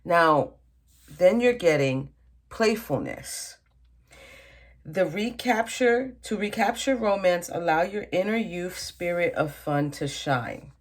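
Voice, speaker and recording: A woman's voice: on the low side, expressive, slow. A woman tarot reader giving a casual reading at her table, talking straight to the viewer and often checking in with "okay?" and calling them "honey". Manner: chatty, addresses viewer directly, frequent "okay?" and "honey".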